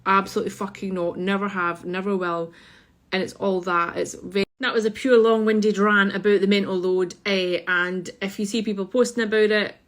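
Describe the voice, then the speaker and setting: A woman's voice: mid-range voice, fairly even intonation, moderate pace. A Scottish woman, a mother, talking frankly to camera in a casual rant, blunt and full of swearing. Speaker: mother vlogging about parenting.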